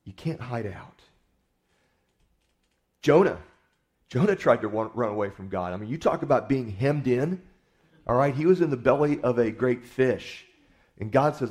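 A man's voice: medium pitch, expressive, normal speed, darkish tone. Folksy, conversational male preacher. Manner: conversational storytelling, folksy, repeats words. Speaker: pastor. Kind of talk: sermon.

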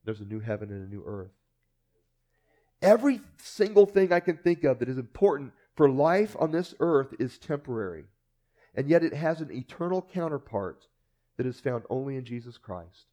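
A man preaching a sermon with animated delivery, acting out the voices of people he quotes and often repeating words. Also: mid-range voice, moderate pace. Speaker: pastor.

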